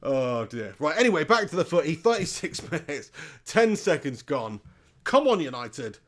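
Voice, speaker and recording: A man's voice: fairly high pitch, big pitch swings, moderate pace, a bit bright. A man hosting a live football watch-along, chatting casually, reading viewers' comments aloud, joking and laughing often. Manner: jokey banter, laughs often, reads chat aloud. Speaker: live stream host.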